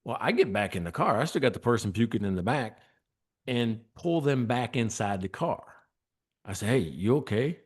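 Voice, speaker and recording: A man's voice: mid-range voice, lively intonation, moderate pace, breathy edge. A man telling a long story as a podcast guest, acting out quoted lines and laughing often. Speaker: guest, former state trooper.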